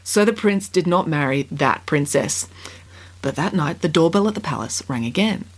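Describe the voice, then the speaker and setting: A woman's voice: deep voice, lively intonation, moderate pace, breathy edge. A woman with wry storybook narration.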